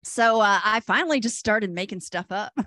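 An older woman from Texas, doing a stand-up comedy set, lively and self-deprecating. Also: mid-range voice, normal speed, no room sound, clean studio sound. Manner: lively, self-deprecating, puts on voices for quoted people.

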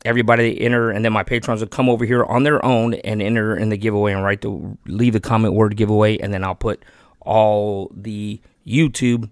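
In clean, dry studio sound, a fairly low-voiced man from Texas runs a fishing channel. Excitable and talkative, he discusses fishing gear and a giveaway in casual vlog style, persuading himself not to keep the gear.

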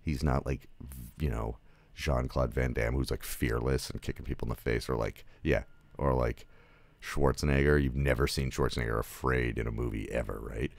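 Very deep gravelly male film reviewer. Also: fairly even intonation, moderate pace, no echo. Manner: rambling, loose, laughing asides, frequent fillers. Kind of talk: casual spoken review.

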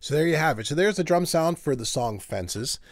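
A man's voice: on the high side, lively intonation, brisk, dry recording. A man hosting a home-studio tutorial, explaining his mixing steps casually with fillers and restarts. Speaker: mix engineer tutorial host. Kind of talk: screen-recorded software tutorial.

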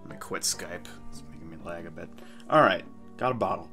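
A man's voice: low-pitched, brisk, music in the background. A man playing a kids' game and mocking it with crude, sarcastic commentary. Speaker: let's play gamer. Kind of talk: profane comedic game commentary.

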